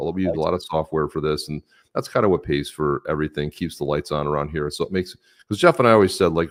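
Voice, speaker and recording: A man hosting a casual podcast, joking and reading viewer comments aloud. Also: sits low. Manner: jokey, animated, reads comments aloud. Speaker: podcast host.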